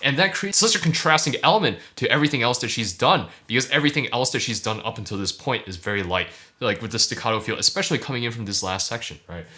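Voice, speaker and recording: A man, a pianist, gives casual, enthusiastic reaction commentary on a performance, full of fillers and excited outbursts. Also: medium pitch, fast talker, hardly any pauses. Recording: piano music playing behind.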